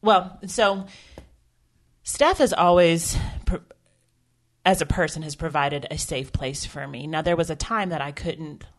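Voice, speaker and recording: Earnest lower-voiced woman on a podcast. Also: a little slow. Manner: earnest, emotional, rambling with restarts. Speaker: podcast co-host. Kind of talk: candid faith podcast conversation.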